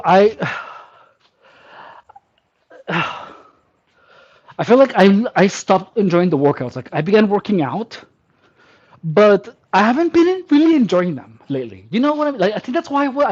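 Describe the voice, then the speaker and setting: A man vlogging his workout, counting reps aloud while straining and joking in a sarcastic, mock-girly persona. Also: sits high. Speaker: fitness vlogger. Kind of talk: casual workout chatter. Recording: dull lo-fi sound.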